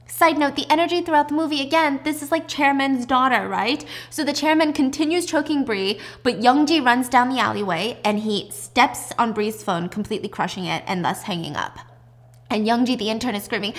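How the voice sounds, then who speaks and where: A woman casually recapping a drama plot in a chatty, animated way with side remarks. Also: sits high, moderate pace. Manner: chatty, animated retelling with asides.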